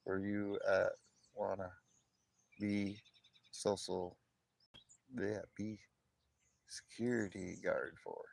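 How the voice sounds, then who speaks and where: A man's voice: low voice, little pitch movement, slow, gravelly, pauses often, darkish tone. A middle-aged man chatting casually to live viewers from outdoors on his phone, laughing often. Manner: chatty, laughs often, jokey put-on voices. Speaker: livestream host. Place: outdoors in morning sun.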